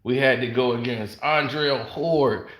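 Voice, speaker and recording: A man casually telling stories to camera, animated, laughing often and acting out other people's lines. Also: medium pitch, unhurried. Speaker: host. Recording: roomy echo.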